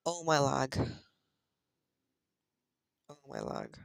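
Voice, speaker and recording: A streamer rambling through a farming game, half-singing the names of crops and scolding themself. The voice sits in a middle pitch with plenty of vocal fry. It is recorded close and dry, with no room sound. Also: huge pitch swings, drawn-out words, no echo. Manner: chatty, mutters item names in sing-song repeats. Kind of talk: casual gameplay commentary.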